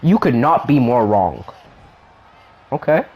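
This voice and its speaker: A man playing a proud male wrestling champion, slightly lower than his own voice. He boasts and squares up to his rival in confrontational tones. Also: very animated, slow, slightly rough, dull audio, full character voice. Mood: defiant.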